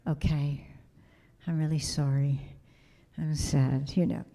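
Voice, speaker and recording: A middle-aged woman, guest of honor at a convention panel, telling lively stories and acting out quotes. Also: low voice, takes it slowly. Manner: animated storyteller who acts out quotes.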